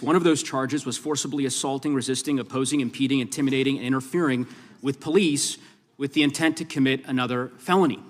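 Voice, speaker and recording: A congressman firmly questioning a witness at a hearing, pressing and talking over her interruptions. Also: mid-range voice. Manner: firm, pressing, reclaims time, talks over interruptions. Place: large hearing room. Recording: reverberant hearing room.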